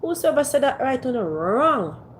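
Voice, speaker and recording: Woman on a phone livestream, slow and high, teasing her chat. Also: big pitch swings, slight background noise. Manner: playful, teasing, coaxing the chat. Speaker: livestream host. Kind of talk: casual livestream chat with viewers. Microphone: phone on a ring light.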